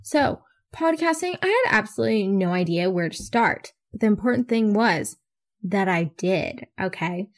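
A woman's voice: medium pitch, animated, normal speed. A teenage girl hosting her own podcast, rambling in a bubbly, self-mocking way and swearing casually. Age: teens. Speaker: podcast host. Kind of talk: casual solo podcast chat.

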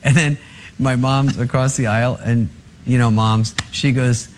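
A man's voice: mid-range voice, fairly even intonation, unhurried. Guy telling funny stories on a late night show, self-deprecating, noisy clip. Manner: chatty, self-deprecating, laughing through his stories. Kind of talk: anecdotal talk-show storytelling.

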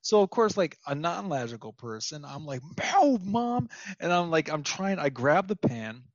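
A man's voice: a little high, lively intonation, moderate pace, no echo, muffled recording. A young man from Minnesota, a podcast guest, telling a story casually with lots of fillers and laughs.

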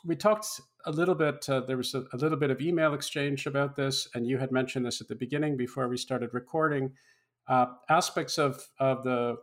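Male podcast host, measured and deliberate when framing questions. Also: medium pitch, fairly even intonation. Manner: measured, thoughtful, repeats words while framing questions. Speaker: interviewer, host. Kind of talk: podcast interview.

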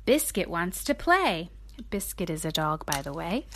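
Slow, lively mother reading aloud. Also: lowish voice, slight background noise. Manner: animated, sing-song read-aloud voice. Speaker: mother reading to her child, show host. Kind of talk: reading a children's picture book aloud.

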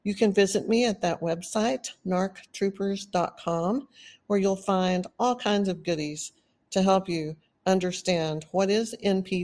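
Woman with a Texan accent, podcast host, unhurried delivery, earnest and emphatic. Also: fairly low pitch, a little mellow. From Texas. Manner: earnest, emphatic with lists and drawn-out stresses. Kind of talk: solo podcast talk.

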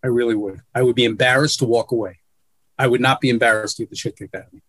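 Blunt, profane sportswriter on a video call. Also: male voice, medium pitch, fairly even intonation, quick pace, fairly bright tone, no room sound. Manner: blunt, profane, self-deprecating. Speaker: guest, sportswriter. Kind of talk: casual interview storytelling.

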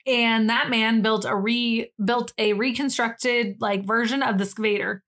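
A woman's voice: fairly high pitch, fairly even intonation, a little slow, a bit bright. A woman co-hosting a podcast in casual chat, rambling and self-deprecating with frequent giggles. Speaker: podcast co-host.

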